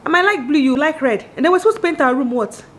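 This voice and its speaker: A woman in her thirties with a Nigerian accent, giving a candid, animated monologue on marriage straight to her viewers and acting out the voices she quotes. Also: sits high, fast talker. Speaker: vlogger.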